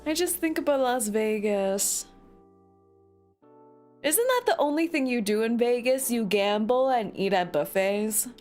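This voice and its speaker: A woman streaming a game, chatting to her viewers in a giggly, animated way. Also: fairly high pitch, unhurried, faint music behind. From United States. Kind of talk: casual livestream chat.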